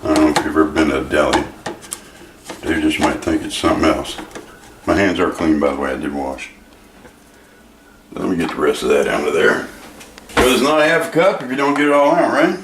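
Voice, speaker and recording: A man's voice: very deep voice, a little fast, pauses often, noisy background. A man hosting a home cooking show, joking and rambling in a folksy way as he makes a dish. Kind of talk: casual home cooking demo. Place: home kitchen. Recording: echoey kitchen, clear clatter of dishes.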